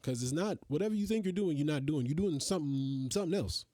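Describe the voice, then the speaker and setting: A man's voice: fairly high pitch, animated, fast talker, mellow, no echo, studio quality. A man hosting a podcast, ranting in a casual, profane, exasperated way. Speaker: podcast host. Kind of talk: casual solo rant.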